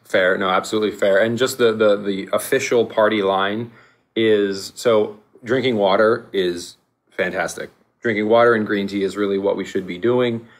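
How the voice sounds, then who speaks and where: A man co-hosting a casual podcast, animated, laughing often and restarting his sentences. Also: lowish voice, normal speed. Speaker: podcast co-host.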